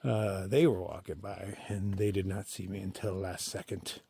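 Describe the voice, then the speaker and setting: A man talking casually to his camera while hiking a forest trail, chatty and opinionated, thinking out loud to himself. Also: deep voice, level tone, normal speed, gravelly. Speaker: solo thru-hiker filming his hike. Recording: faint outdoor noise behind the voice.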